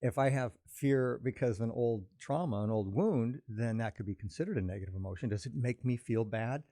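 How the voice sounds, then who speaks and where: Calm, warm-voiced man explaining feelings. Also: medium pitch, fairly quick, no echo, studio quality. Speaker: podcast host. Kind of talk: reflective conversation about emotions.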